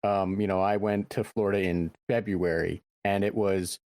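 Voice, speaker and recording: Podcast host, man in his 30s, lowish voice, easygoing and rambling, dry close sound. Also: normal speed, no room sound. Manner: relaxed, rambling with frequent fillers. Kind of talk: casual podcast chat.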